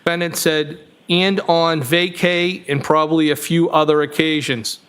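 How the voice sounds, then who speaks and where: A man with a Boston accent, his voice sitting a little higher than most men's, reads text messages aloud from the witness stand. His delivery is slow and flat, and he stops now and then to fix a word. The sound is that of a courtroom. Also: clear, resonant tone. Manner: slow, flat reading with small self-corrections. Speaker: trial witness.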